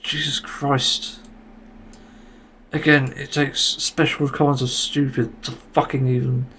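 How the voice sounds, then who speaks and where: Gravelly podcast host ranting with exasperation. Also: male voice, medium pitch, level tone, unhurried, fairly bright tone, a little hiss or hum. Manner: exasperated, swearing. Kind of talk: solo podcast rant.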